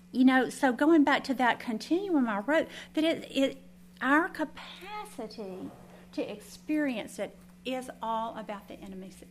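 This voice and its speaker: A woman's voice: fairly high pitch, a little hiss or hum. A woman teaching a Bible study in an earnest, conversational way, with folksy asides.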